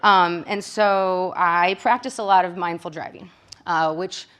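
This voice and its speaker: A woman from Michigan speaking as a psychologist to a room of caregivers. Her voice sits a little low, and she keeps it conversational, often ending points with a quick question to her listeners. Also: fairly even intonation, a bit bright, smooth. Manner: conversational, frequent tag questions. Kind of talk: presentation to caregivers.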